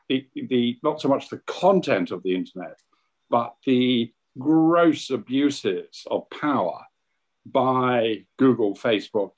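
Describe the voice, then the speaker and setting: A man's voice: on the low side, breathy edge. A British man contributing to a book launch discussion, giving strong opinions with frequent hesitations and restarts. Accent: British English. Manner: opinionated, hesitant with many fillers. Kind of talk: online panel discussion.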